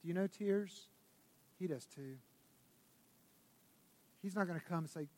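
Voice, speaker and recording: A man preaching a sermon as pastor, swinging between loud bursts and hushed, intimate tones. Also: high voice, measured pace. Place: church sanctuary. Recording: long reverb of a church hall.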